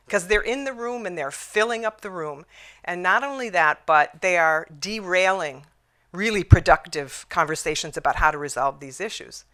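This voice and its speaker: A woman's voice: on the low side, sharp tone. A middle-aged woman giving a conference talk about resolving conflicts, telling her story reflectively, with restarts and fillers.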